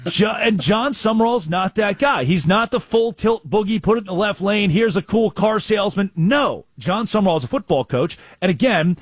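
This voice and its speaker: A man co-hosting a sports talk show, telling stories with animated acted-out quotes in a husky voice. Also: sits high, normal speed, few pauses, no room sound. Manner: storytelling with acted-out quotes, excitable.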